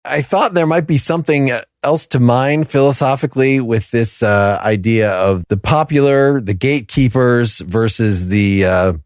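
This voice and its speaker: A man's voice: medium pitch, dry recording, studio quality. A man co-hosting a podcast in casual talk, musing aloud and laughing between thoughts. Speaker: podcast co-host.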